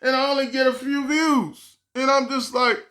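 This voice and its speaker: Stressed rambling vlogger, bright voice. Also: sits high, flat delivery, moderate pace. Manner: rambling, stressed, acts out other people's words; sighs and laughs while talking. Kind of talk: storytime vlog.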